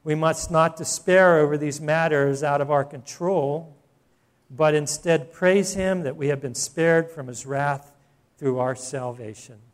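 A man preaching a sermon in a conversational way, often asking the congregation questions. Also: fairly high pitch. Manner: conversational preaching with rhetorical questions and soft laughs. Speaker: pastor.

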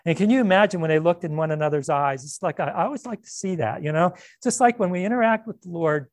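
Animated male pastor, dry close sound. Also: sits high, fast talker, dry recording. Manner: animated, conversational, with frequent restarts and asides. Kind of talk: sermon.

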